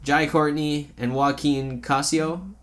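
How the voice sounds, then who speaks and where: A man's voice: fairly high pitch, fairly even intonation, slow pace, fairly bright tone, a little hiss or hum. A man co-hosting a casual podcast chat, rambling and joking, with plenty of swearing. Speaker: podcast co-host.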